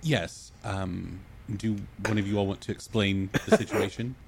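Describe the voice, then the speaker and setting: A man narrating as game master in a tabletop game, relaxed and quick to laugh. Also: fairly low pitch, vocal fry, heavy background noise.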